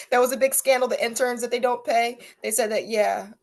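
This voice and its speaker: Animated young woman gossiping, higher voice. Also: moderate pace, gravelly. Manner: animated, laughing, mocking impressions. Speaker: podcast co-host. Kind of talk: casual gossip chat.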